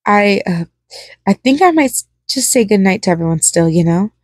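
A woman's voice: mid-range voice, lively intonation, moderate pace, a little mellow, no room sound, studio quality, lightly acted. A woman voicing a nervous young woman who speaks in a hesitant, pleading way.

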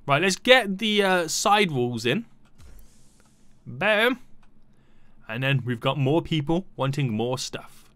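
Young male gaming YouTuber, chatty and animated, dry mic. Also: fairly high pitch, measured pace, long pauses, no echo. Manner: playful, chatty, talks to game customers. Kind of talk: casual gameplay commentary.

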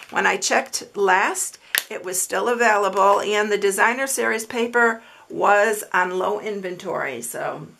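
A woman's voice: mid-range voice, creaky, fairly bright tone. A woman hosting a papercraft tutorial, chatting casually, repeating herself and dropping fillers as she shows her work. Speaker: papercraft channel host.

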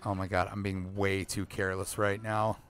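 A man's voice: low voice, level tone, normal speed, fairly bright tone, soft background music. A man who is a gaming dad, giving profane, grumbling let's play commentary on a video game. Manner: swears a lot, grumbles at the game. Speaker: gamer dad.

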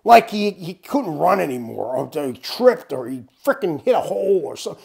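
A man telling a casual anecdote in an animated way, swearing freely. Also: moderate pace, creaky, hardly any pauses, husky. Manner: animated, swears freely, wide swings in pitch. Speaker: storyteller.

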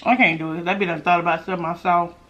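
A woman's voice: lowish voice, steady tone, fast talker, a bit bright, dull audio. A woman hosting a mukbang eating show, chatting casually to her viewers between bites and laughing often. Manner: chatty, giggly, talks to viewers while eating. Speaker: mukbang host.

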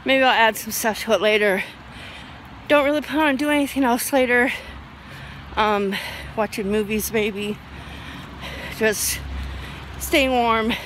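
A woman's voice: on the high side, measured pace, long pauses, a bit bright, a little hiss or hum. A woman in her forties chatting casually to camera as a vlogger, rambling with lots of ums. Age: 40s.

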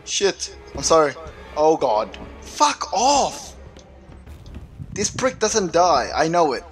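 A man's voice: fairly high pitch, very animated, slow, faint music behind. A man playing a horror game and commenting live, swearing constantly and yelping in panic. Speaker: let's play gamer.

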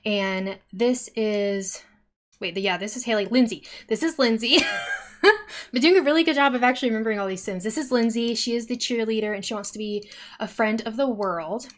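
A woman's voice: a little high, brisk. Chatty young woman streaming a game. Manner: chatty, excitable, talks to the game characters. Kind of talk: casual gameplay commentary.

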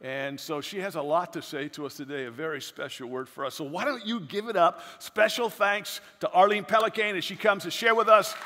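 A man's voice: sits high, a little fast, hardly any pauses, sharp tone. A male pastor gives informal announcements and introduces a guest speaker, often restarting his words. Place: church sanctuary. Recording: long hall reverb of a church.

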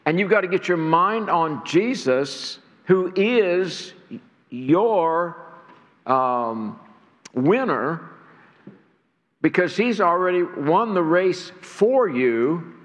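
A man's voice: sits high, animated, drawn-out words. A man preaching a sermon to a church congregation, earnest and stirring, often repeating words as he builds. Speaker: pastor. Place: church sanctuary. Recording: long hall reverb.

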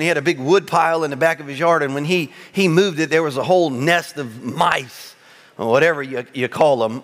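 A pastor delivers his sermon in a slightly high male voice, spinning comic stories about himself with animated energy. His words ring out through a large sanctuary with a long, lingering reverb. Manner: animated storytelling with self-mocking humor.

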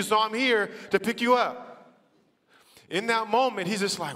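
A man with a high voice tells a story from a church stage, acting out the quotes and climbing into shouted praise. His voice rings through a big room with a long reverb. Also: steady tone, brisk. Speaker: church team member telling a story. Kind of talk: testimony preached from the stage. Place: large church auditorium.

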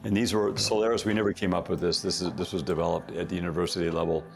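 A man's voice: sits low, little pitch movement, fast, gravelly, soft background music. A man, a company founder, telling a rambling story in a casual interview, correcting himself often and laughing.

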